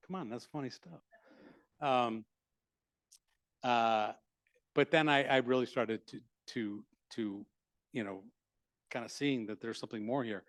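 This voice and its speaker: A middle-aged man tells his own story to a live audience, stopping and restarting often and poking fun at himself. His voice sits at an ordinary pitch and sounds close and dry, with little room around it. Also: dry recording. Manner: halting, many restarts and fillers, self-mocking humor. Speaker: speaker at a library talk. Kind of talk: personal story told to an audience.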